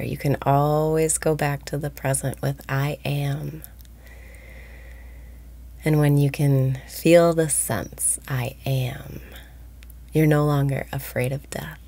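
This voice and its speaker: A woman guiding a meditation, speaking slowly and softly, often breathy and whispered. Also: low voice, steady tone, no room sound. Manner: slow, soft-spoken, often breathy and whispered. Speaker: meditation guide. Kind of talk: guided meditation.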